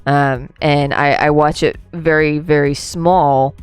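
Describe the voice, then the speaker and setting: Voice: medium pitch, fairly even intonation, slow pace, smooth, no echo, soft background music. A game streamer chatting casually through a livestream, rambling, laughing and answering chat, a few drinks in.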